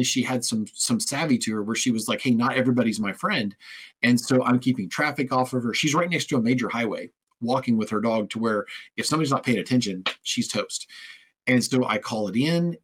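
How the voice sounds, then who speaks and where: A man's voice: mid-range voice, a little fast, slightly rough, low-quality recording. A man hosting an interview, telling stories in a casual, conversational way and acting out the lines of the people in them. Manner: storytelling, conversational, acts out quoted speech. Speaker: host.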